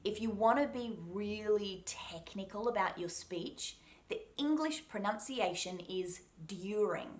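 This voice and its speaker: A woman with an Australian accent teaching a pronunciation lesson, speaking deliberately and repeating each sound to demonstrate it. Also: mid-range voice. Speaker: accent coach.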